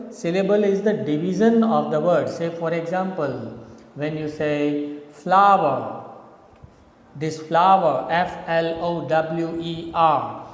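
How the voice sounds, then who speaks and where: A male teacher with an Indian English accent, explaining a lesson step by step, spelling words out and often asking "okay". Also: on the high side. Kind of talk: lecture. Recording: echoey room, long reverb.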